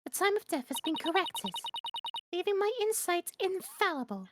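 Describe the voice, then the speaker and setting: A scornful young princess priestess , voiced by a woman, speaks in a very high voice that swoops all over the place. Her speech is stiff, formal and commanding, as though every word is a royal decree. Game music plays loudly behind her. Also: sing-song, normal speed. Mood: haughty. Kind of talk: voicing game dialogue with friends.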